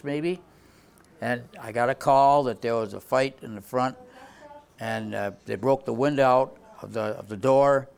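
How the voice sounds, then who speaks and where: Older man with a gravelly voice. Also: medium pitch. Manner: rambling with many restarts and "you know". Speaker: tavern owner telling stories. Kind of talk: rambling spoken anecdotes.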